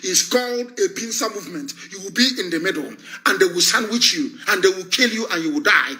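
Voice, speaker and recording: A man's voice: sits high, expressive, brisk, pushed and bright, low-quality recording. A man giving a live broadcast speech, issuing repetitive, threatening warnings in an emphatic, insulting manner. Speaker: activist broadcaster.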